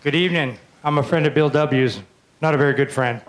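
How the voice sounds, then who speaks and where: A man doing stand-up comedy in a small club, with sardonic, deadpan jokes. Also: on the high side, a little fast, rough recording. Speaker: stand-up comic, reverend.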